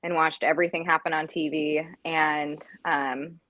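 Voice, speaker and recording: Woman in her 30s, podcast guest, lowish soft voice, hesitant with lots of ums, dry sound. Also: level tone, normal speed, no room sound, highs cut off. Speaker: guest, history content creator. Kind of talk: casual interview chat.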